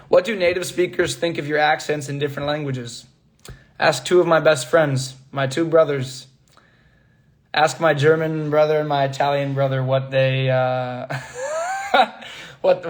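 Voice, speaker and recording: A man's voice: fairly high pitch, fairly even intonation, normal speed. A young man in casual livestream chat, reading fan comments aloud, laughing often and hopping between languages as he answers. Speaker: actor answering fans.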